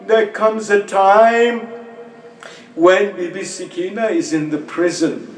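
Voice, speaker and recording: A man gives an emotional mourning sermon in a slow, deliberate cadence. His voice sits very high and rings with grief-laden recitation. The sound carries the echo of a large room. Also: fairly even intonation, slight background noise. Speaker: speaker at a mourning gathering. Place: mosque hall.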